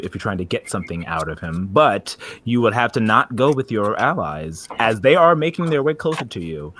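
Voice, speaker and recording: A man working as game master, explaining rules and describing scenes in a relaxed way. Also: fairly low pitch. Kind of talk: running a tabletop game.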